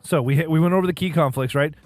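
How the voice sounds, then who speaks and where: A man's voice: fairly high pitch, very fast, a little mellow, no echo, faint music behind. A man co-hosting a casual podcast, chatting in a rambling way full of fillers and asides. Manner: rambling, filler-heavy, laughs at own asides. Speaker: podcast co-host. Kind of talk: casual chat.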